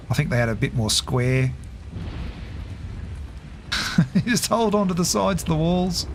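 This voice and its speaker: A middle-aged man, casually commentating a game on a live stream, chatty and quick to laugh as he thinks aloud. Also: mid-range voice, slight background noise.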